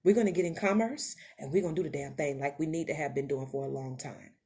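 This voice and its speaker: A woman's voice: low voice, fast talker, mellow. Impassioned woman preaching to her audience. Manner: preachy, rising to emphatic calls to the audience. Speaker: podcast host. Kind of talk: impassioned motivational monologue.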